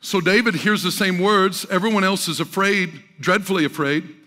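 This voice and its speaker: A man pastor preaching a sermon with rising fervor, often shouting at the peaks. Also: high-pitched, moderate pace, in a large hall.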